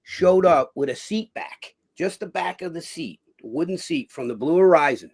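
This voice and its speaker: A man's voice: fairly high pitch, lively intonation, moderate pace, breathy edge. A man, a guest telling rambling stories in a casual interview, full of "you know" and acted-out voices. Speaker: guest, former boxer.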